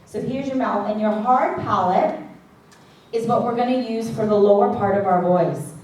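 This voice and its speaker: A woman's voice: medium pitch, moderate pace, darkish tone, recorded from a distance. A woman teaching a singing class as vocal coach, chatty and checking in with the class often, with sung demonstrations. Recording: echoey classroom recorded from afar.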